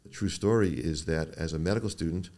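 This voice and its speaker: Older man with a deep gravelly voice. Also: fast talker. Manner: storytelling, quotes people in animated voices. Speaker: neuro-oncologist guest. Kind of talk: podcast interview.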